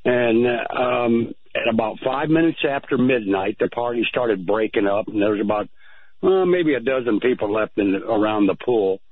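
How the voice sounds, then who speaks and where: Male radio caller, halting storyteller, heard over a tinny phone line. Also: medium pitch, dry recording. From United States. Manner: halting, repeats words. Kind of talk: phone-in account.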